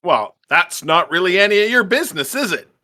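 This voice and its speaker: Man doing a fierce woman adventurer, raised pitch, bright forceful tone, menacing challenges, tabletop game. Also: big pitch swings, brisk, dry recording, clean studio sound, full character voice. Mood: threatening. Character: bold female adventurer, threatening and commanding.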